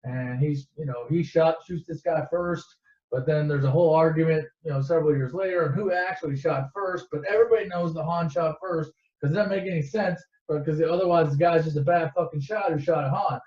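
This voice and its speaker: A man's voice: a little high, fairly quick, darkish tone. A man casually retelling a movie in a rambling, profane and sarcastic way. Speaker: storyteller. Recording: echoey dull lo-fi recording.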